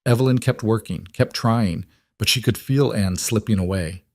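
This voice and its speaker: A man reading a Western story aloud, in a calm and measured narration. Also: fairly low pitch, no echo, clean studio sound.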